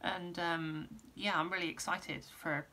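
A woman, a musician giving a casual vlog update, rambling with many pauses and restarts, her voice going hoarse. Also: on the low side, steady tone, bright, forceful tone. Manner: rambling, lots of ums and restarts. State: losing her voice, clearing throat.

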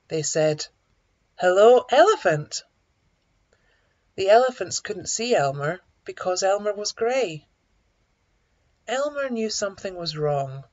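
A woman slowly reading a simplified children's story for English learners, clear and expressive. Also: highs cut off. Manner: slow, clear, animated with high character greetings.

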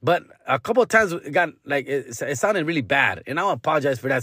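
A male comedian hosts his podcast in a casual storytelling voice. He sits a little high in pitch and swings it widely. He swears freely and mixes in Spanish slang. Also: expressive, brisk, hardly any pauses, sharp tone, breathy edge, dry recording, studio quality. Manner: profane, slangy, drops Spanish words.

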